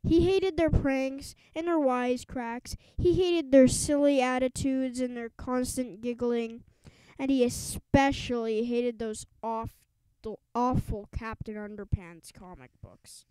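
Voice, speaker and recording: A woman reads a children's book aloud with an emphatic storytelling lilt, tripping over a word now and then. Her voice sits high and sounds smooth and clear. The recording is dry and close, with no room around it. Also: fairly even intonation, slow pace, warm tone, no room sound, low-quality recording. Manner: stumbles and restarts words while reading. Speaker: audiobook reader.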